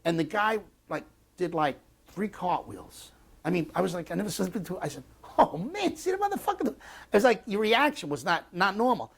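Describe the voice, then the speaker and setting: A man's voice: high-pitched, animated, gravelly, a bit bright. An American man in his sixties, a war veteran recounting memories in an oral history interview. He talks bluntly, swears often, and stops and restarts his sentences. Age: 60s. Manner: halting and blunt, with frequent restarts and profanity.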